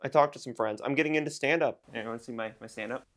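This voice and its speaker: A man's voice: mid-range voice, fast, fairly bright tone, slight background noise. A man in his twenties, talking to camera in a rambling, self-mocking, jokey vlog rant. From United States. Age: 20s. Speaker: YouTuber and streamer.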